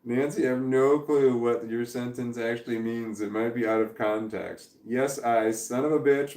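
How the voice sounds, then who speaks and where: A man in his forties chats loosely on a livestream in a mid-pitched voice, wandering from one viewer comment to the next with little chuckles. The sound carries a roomy echo. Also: fairly even intonation, normal speed, darkish tone. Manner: rambling, reads viewer comments aloud and chuckles. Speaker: livestream host. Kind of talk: casual livestream chat.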